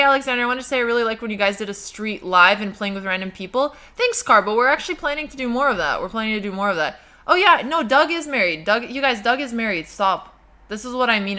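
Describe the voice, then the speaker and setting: A young woman hosting a livestream, reading viewer messages and chatting casually in a self-deprecating way, quick to laugh. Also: medium pitch, bright, forceful tone. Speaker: livestream host.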